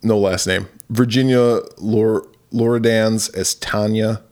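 A man's voice: fairly even intonation, slow pace, a little mellow. Giggly man co-hosting a movie podcast. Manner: giggly, breaks into high-pitched laughing fits. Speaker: podcast co-host. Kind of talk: casual movie review chat.

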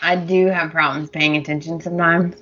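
A woman's voice: low-pitched, steady tone, a little fast, sharp tone, muffled recording, a little hiss or hum. A woman co-hosting a podcast, chatting casually, giggling, and recapping the plot. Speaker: podcast co-host. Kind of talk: casual chat.

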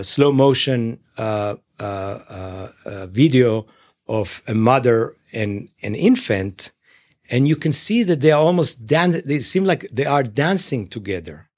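Man, clinician, mid-pitched voice, halting delivery, frequent fillers and restarts. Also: darkish tone. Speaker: clinician at a psychological services organization. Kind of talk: explaining in an interview.

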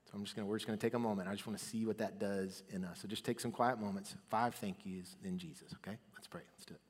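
Male pastor, conversational sermon, soft then rising, long church-hall reverb. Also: on the low side, fairly even intonation, fast, slightly rough. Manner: conversational, swings between soft and loud.

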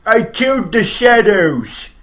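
A man's voice: very high-pitched, moderate pace, voice pushed up. Man doing a brash boastful orc warrior. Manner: loud, declaiming.

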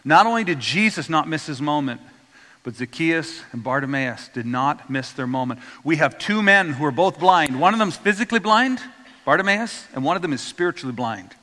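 Bright-voiced pastor preaching in a reverberant hall. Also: male voice, a little high, lively intonation, normal speed. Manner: storytelling, acts out quoted voices, asks congregation to repeat words. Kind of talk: sermon.

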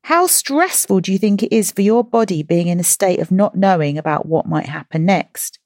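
A woman's voice: on the low side, expressive, normal speed, darkish tone, no room sound, clean studio sound. A woman hosting a podcast for children, talking to them in a playful, encouraging way full of questions. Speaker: children's podcast host and coach. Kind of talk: upbeat podcast talk to children.

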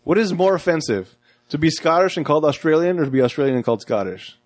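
A man co-hosting a movie review podcast in casual chat, animated and laughing, recording from his condo. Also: on the high side, fast. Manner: animated, breaks into quote voices and laughs. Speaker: podcast co-host. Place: condo near a train station.

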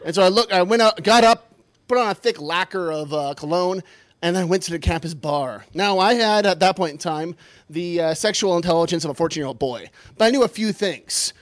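A man telling a comic personal story in a self-deprecating, animated way, building toward punchlines. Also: sits high, fairly quick, no room sound.

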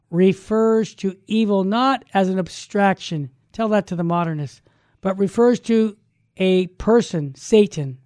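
A man, a Catholic evangelist, telling a story and then teaching in an animated, folksy way. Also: high voice, measured pace, no echo, clean studio sound.

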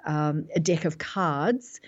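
A New Zealand business consultant in her forties recounts her career in an interview, self-assured and reflective yet using frequent fillers. Her voice is low and slow, and the recording is dry and muffled.

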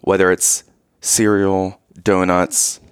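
A man in his thirties, co-hosting a casual chat and retelling a family vacation story with animated, exaggerated quotes. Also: sits low, slow pace, smooth, no echo, clean studio sound. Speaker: podcast co-host telling a family story.

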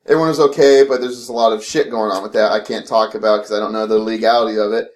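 A young man co-hosting a casual podcast chat, an animated storyteller who swears a lot and laughs often. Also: fairly low pitch, fast talker. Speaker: podcast co-host.

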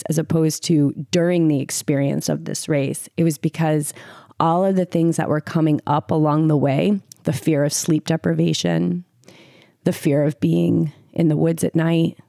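A woman pacer telling a story in a relaxed podcast chat, earnest and full of "like" fillers. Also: low voice, no room sound, clean studio sound. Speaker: podcast guest, ultrarunning pacer. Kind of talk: casual storytelling conversation.

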